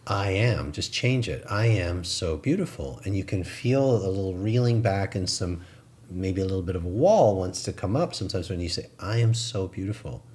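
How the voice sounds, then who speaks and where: A man with a very deep voice co-hosts a spiritual talk show. He talks in a reflective, coaching way, like a gentle preacher. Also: expressive, normal speed. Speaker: co-host.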